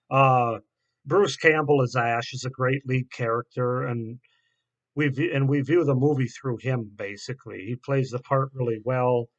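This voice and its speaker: A man reviewing a horror film in a casual, halting way, with many fillers and restarts. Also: medium pitch.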